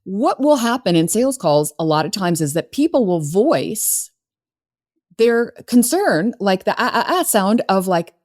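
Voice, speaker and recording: A middle-aged woman, a business coach, talks about sales in a solo podcast, earnest and conversational with plenty of fillers and restarts. Her mid-range voice is very animated and somewhat dark, at a moderate pace.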